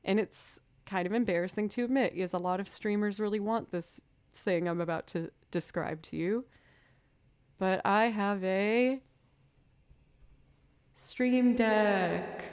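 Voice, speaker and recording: A woman's voice: medium pitch, clear, resonant tone. A woman music streamer in casual live-stream chat, rambling, chatty and self-deprecating.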